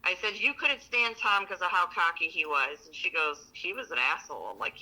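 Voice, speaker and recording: A woman with a very bright, sharp-edged voice tells stories bluntly and swears constantly. She co-hosts a casual relationship podcast and acts out both sides of her conversations. The sound is a little lo-fi. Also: fairly low pitch, moderate pace, hardly any pauses. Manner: blunt, profane, animated storytelling. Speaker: podcast co-host. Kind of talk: casual chat.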